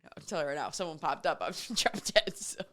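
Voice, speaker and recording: A woman's voice: low voice, fast talker, a bit bright, no room sound. Woman radio host chatting away solo, storytelling and reading messages, dry studio sound. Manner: chatty storytelling, reads listener messages aloud. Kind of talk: casual solo radio chat.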